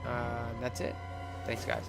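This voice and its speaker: A young man casually telling a wild personal story on his vlog, swearing freely, rambling, and acting out his own shouts. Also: medium pitch, monotone, slow, creaky, music in the background. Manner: loose and profane, acts out his own shouts.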